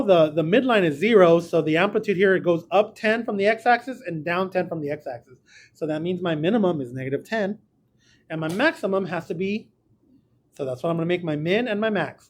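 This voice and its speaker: High-voiced, chatty math teacher. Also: male voice, a little hiss or hum. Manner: chatty, jokey, talks to students directly. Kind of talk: recorded classroom lesson. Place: small room.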